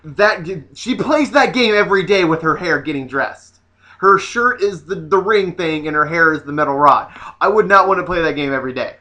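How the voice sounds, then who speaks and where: A man vlogging in a casual comedic rant, sassy and animated with mocking asides. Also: on the high side, moderate pace.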